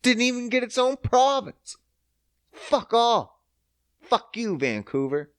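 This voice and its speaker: This solo podcast rant comes from a Prince Edward Island, Canada host who swears constantly and feigns outrage, his voice lurching up and down loudly as he gets riled. His delivery is slow and smooth, right up on the mic, with a dry, dead, echo-free sound.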